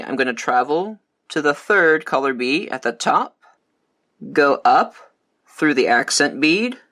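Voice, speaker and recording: Bright, methodical man teaching a craft. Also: a little high. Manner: calm, methodical step-by-step instructions. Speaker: beading instructor. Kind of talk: step-by-step craft tutorial.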